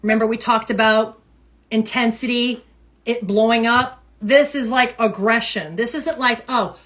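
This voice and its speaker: Animated woman giving a tarot reading. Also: fairly high pitch, a little slow. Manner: animated, emphatic, repeats phrases. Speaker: tarot reader. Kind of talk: casual tarot reading livestream.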